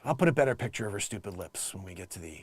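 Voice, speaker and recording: A man hosting a casual comedic commentary show, animated and mocking, slipping into quick voices for the people he describes. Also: lowish voice, slightly rough. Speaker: host.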